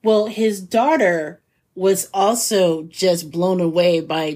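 A woman's voice: on the low side, steady tone, takes it slowly, a little mellow. A woman co-hosting a podcast, laughing easily in casual chat and recapping a news story for her co-host.

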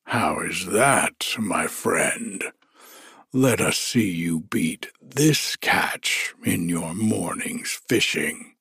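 A man's voice: sits low, animated, drawn-out words, vocal fry, fairly bright tone, husky, no echo, clean studio sound, pitched below the performer's own voice, full character voice. A man voicing a boastful but fearful male giant fisherman in a storybook reading. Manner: proud, then roaring in alarm.

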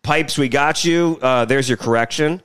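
A middle-aged man from South Louisiana co-hosting a podcast, telling rambling animated stories full of restarts and fillers. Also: mid-range voice, moderate pace, smooth. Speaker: podcast co-host. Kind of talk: casual chat.

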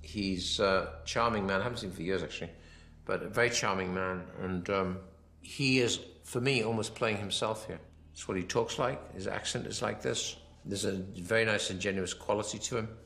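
A film director giving a rambling commentary, full of anecdotes, often quoting himself and others. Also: male voice, on the low side, moderate pace, fairly bright tone.

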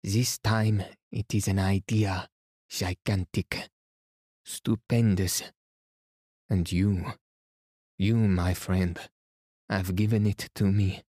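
Man reading excitable old detective, halting speech, deep, mellow, bedtime story. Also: husky, no echo, studio quality, full character voice. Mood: excited. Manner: jerky, halting delivery. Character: fussy elderly male detective, excitable.

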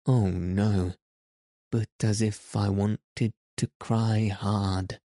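A man reading the lines of a frightened, homesick little orphan girl in a soft, plaintive way. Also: on the low side, flat delivery, drawn-out words, dry recording, clean studio sound.

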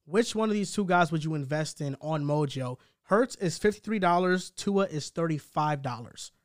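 A man's voice: a little high, normal speed, no room sound, studio quality. A man co-hosting a sports podcast, talking casually and laying out his arguments point by point. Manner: analytical, steady, building arguments point by point. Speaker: podcast co-host.

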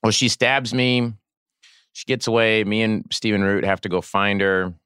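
A man guest on a podcast telling animated stories about filming, acting out the people he quotes. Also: lowish voice, normal speed, smooth, no room sound, clean studio sound. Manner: animated, acts out quoted voices. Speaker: guest actor and director. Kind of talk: casual storytelling chat.

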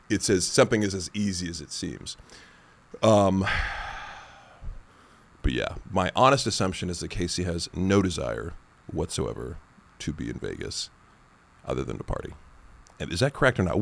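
Dude with a lowish voice rambling on a podcast, lots of likes. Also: male voice, sing-song, normal speed, vocal fry, long pauses. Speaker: podcast host. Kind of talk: casual chat.

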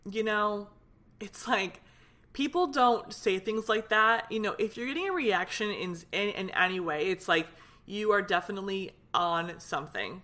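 A woman's voice: medium pitch, animated, normal speed, fairly bright tone. A young woman hosting her own solo podcast, talking in a fired-up, rambling way with lots of fillers. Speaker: podcast host. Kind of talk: casual solo podcast venting.

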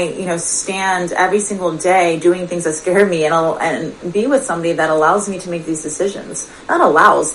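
A woman's voice: lowish voice, a bit bright, slight background noise, low-quality recording. A woman coach giving a motivational talk straight to her listeners, earnest and confiding, often asking them questions. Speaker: personal development coach. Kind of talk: motivational direct-to-camera talk.

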